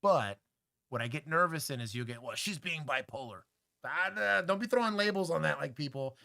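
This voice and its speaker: A man's voice: on the high side, lively intonation, a little fast, creaky, pushed and bright, dry recording, clean studio sound. A man from Texas, a former police officer, hosting a casual livestream and giving blunt, joking commentary with plenty of filler words.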